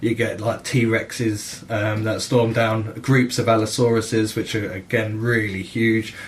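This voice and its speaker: A man hosting a gaming podcast, telling game stories in a sweary, animated way and acting out the dialogue. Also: on the low side, slow, a little hiss or hum. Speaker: podcast host. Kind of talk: casual gaming chat.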